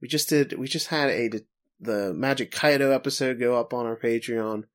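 Man, podcast co-host, casual chat, teasing, playful, middle pitch. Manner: playful, teasing, quick asides.

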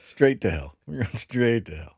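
A man's voice: mid-range voice, expressive, moderate pace, vocal fry, darkish tone, husky, dry recording, clean studio sound. A man co-hosting a casual comedy podcast, joking and swearing freely. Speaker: podcast co-host.

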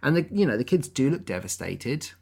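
A woman's voice: a bass voice, big pitch swings, a little fast, creaky, a little mellow, husky. A woman co-hosting a podcast, chatting casually about a film with sarcastic asides. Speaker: podcast co-host.

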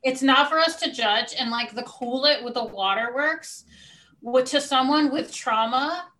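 A woman co-hosting a casual recap chat, measured and hesitant, backing up her partner with short agreements. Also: high-pitched, pushed and bright, poor audio. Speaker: podcast co-host.

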